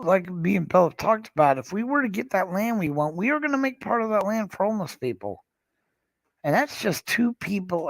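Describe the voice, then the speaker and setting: Male livestream host, gravelly, dry close sound, blunt and profane, rambling rant. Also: medium pitch, dry recording, rough recording. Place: room in a care facility.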